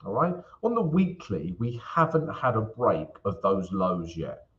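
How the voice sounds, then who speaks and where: A man's voice: on the low side, big pitch swings, unhurried. A man hosting a live market analysis stream, chatting casually and calling his viewers guys and mate. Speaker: trading livestream host. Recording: dull lo-fi stream audio.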